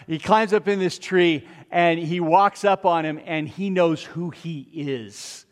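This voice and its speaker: A man preaching a sermon, retelling a story with lively asides to the congregation. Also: fairly high pitch, slow, long reverb tail.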